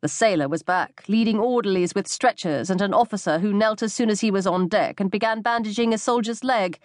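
A woman narrating a novel aloud in a measured, expressive manner. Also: medium pitch, dry recording, clean studio sound. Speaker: audiobook narrator. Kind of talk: scripted narration.

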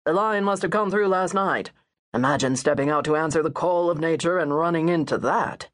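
A man's voice: fairly high pitch, a little fast, a bit bright, lightly acted. A woman reading an audiobook, voicing a smug, know-it-all London novelist who speaks with cutting confidence. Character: smug middle-aged London novelist, alpha male.

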